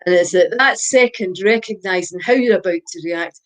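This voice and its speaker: This older woman, a guest expert in a podcast chat, talks at a normal pace in a voice on the low side. She shares parenting advice emphatically, going over her points again and seeking agreement with "right?"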